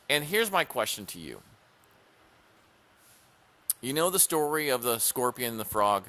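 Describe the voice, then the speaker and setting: A male talk show host delivers an emphatic opinion monologue, hammering points home by repeating them. His pitch swings widely as he tells a story. The tone is bright and forward. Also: very animated, unhurried, long pauses.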